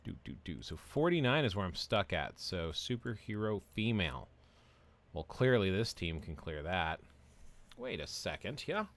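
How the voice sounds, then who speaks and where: A man with a low-pitched voice hosts a relaxed game stream. He talks in a loose, rambling way, answering his viewers' comments as he plays. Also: normal speed. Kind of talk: casual live-stream chat while playing.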